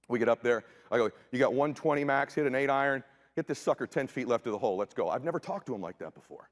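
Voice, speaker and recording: A middle-aged man giving a motivational keynote, telling a story with big swings from hushed asides to shouts. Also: medium pitch, lively intonation, fast. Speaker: motivational speaker.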